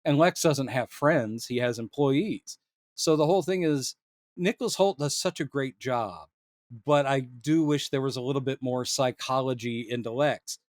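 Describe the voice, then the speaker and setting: A man co-hosting a casual film discussion podcast, animated and quick to act out lines he quotes, laughing often. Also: medium pitch, no echo, studio quality. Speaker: podcast co-host.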